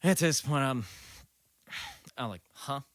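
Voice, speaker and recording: A man in his late twenties tells a long story as a podcast guest. His voice is bright, and he talks in a loose, rambling way full of swearing. The sound is dry and close. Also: mid-range voice, lively intonation, normal speed, no room sound. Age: late 20s. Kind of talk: casual storytelling.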